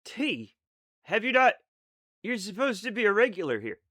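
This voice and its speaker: Excitable streamer guy, bright voice bouncing all over, rambly, dry mic. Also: high voice, normal speed, no room sound. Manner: rambling, excitable, self-mocking. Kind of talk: casual live-stream chat with viewers.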